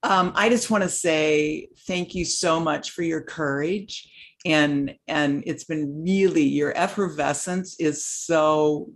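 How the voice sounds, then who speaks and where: A woman whose mouth is still numb from the dentist, asking halting, searching questions on a video call. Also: sits low. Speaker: webinar participant. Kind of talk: casual chat on a video call.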